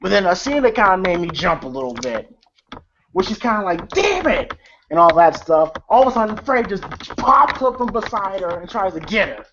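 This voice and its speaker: A man with a high, expressive, somewhat bright voice talks a little fast while loosely recapping a film. He fills the talk with fillers, cursing and chuckles, on a lo-fi track with faint noise.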